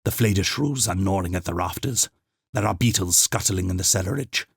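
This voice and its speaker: A man's voice: deep voice, brisk, creaky, husky, dry recording, full character voice. Brief: ancient crone matriarch, cracked and quavering, voiced by a man, dry close read. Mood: whispered dread. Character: ancient frail female housekeeper, imperious and drowsy.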